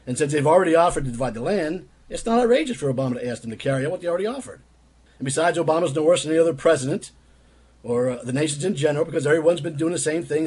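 A man's voice: on the high side, darkish tone, husky. A man giving argumentative commentary in an emphatic tone, quoting another speaker and answering with rhetorical questions. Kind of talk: critical commentary on quotes read aloud.

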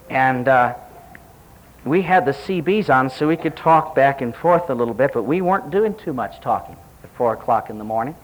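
A middle-aged man preaching, telling a story with lively quoted dialogue and direct questions to the congregation. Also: mid-range voice, muffled recording. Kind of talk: sermon.

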